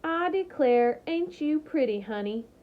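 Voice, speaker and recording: A woman's voice: sits high, animated, unhurried, pitched above the performer's own voice. Woman putting on a sneering Southern older landlady. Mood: syrupy. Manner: drawling, sneering, cutting. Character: gaunt sharp-eyed older Southern landlady, spiteful. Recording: slightly muffled lo-fi recording.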